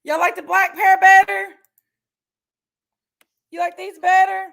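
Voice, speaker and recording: A chatty woman hosts a casual livestream, greeting viewers by name and laughing easily. Her voice sits high and bright in pitch. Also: little pitch movement, measured pace, vocal fry. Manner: chatty, reads viewer names aloud and laughs often. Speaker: livestream host.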